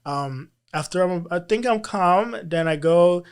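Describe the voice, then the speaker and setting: Guy telling his own story in an interview, kinda high voice, earnest, lots of restarts. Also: expressive, a little slow, smooth. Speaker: teacher and guest. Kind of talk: personal story in a sit-down interview.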